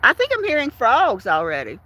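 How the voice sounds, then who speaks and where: A woman's voice: on the high side, huge pitch swings, brisk. An older woman hosting a casual live stream outdoors in the evening, chatting to viewers with many fillers and laughs. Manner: chatty, warm-hearted, frequent fillers and laughs. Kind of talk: casual chat reading out viewer comments.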